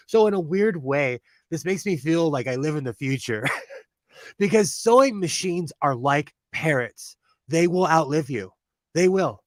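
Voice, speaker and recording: A man's voice: on the high side, animated, a little slow, dry recording. A man from California with a Californian accent and a youthful-sounding voice, chatting casually on his sewing livestream, laughing often and restarting his sentences.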